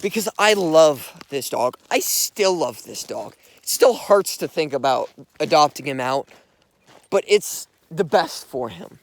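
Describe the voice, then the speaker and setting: A man's voice: on the high side, lively intonation, a little slow, gravelly. Earnest young man rambling outdoors. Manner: earnest, rambling, heavy use of "like". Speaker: vlogger. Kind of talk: casual storytelling while walking a dog. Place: outdoors, walking along streets.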